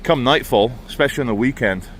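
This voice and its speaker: A man with a British English accent doing a walking vlog outdoors on a town high street, ranting sardonically with wry asides. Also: quick pace, a little hiss or hum. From England. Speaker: vlogger.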